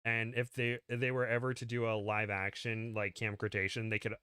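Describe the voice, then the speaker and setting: A man's voice: on the low side, little pitch movement, fairly quick, pushed and bright, clear, resonant tone, no echo. Rambling, laughing man in casual chat. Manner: rambling, laughs often, slips into silly voices. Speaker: guest co-reader.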